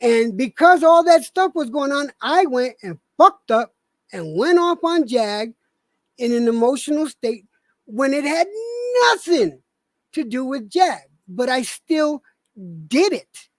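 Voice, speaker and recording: A woman streamer who speaks slowly and deliberately, pleading for people to work things out privately. Her voice sits a little high and sounds dry and close to the mic. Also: expressive, dry recording. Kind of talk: casual on-stream talk.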